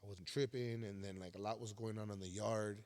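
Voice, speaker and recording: A man's voice: lowish voice, fairly even intonation, fairly quick, darkish tone. A man telling his prison stories as a podcast guest, casual and profane, full of street slang like "fool" and "homie.". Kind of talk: casual storytelling.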